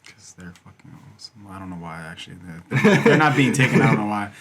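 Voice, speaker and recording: A man's voice: on the low side, fast. A young man co-hosting a podcast in casual chat, swearing freely and laughing often as he tells stories. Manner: profane, laughs often, animated storytelling. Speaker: podcast co-host.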